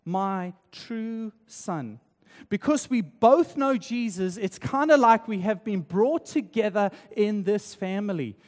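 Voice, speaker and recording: A man's voice: high voice, measured pace, hardly any pauses. A man from South Africa preaching a sermon as pastor, in a chatty style that keeps asking "right?". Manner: conversational, tag questions like "right?". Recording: long hall reverb.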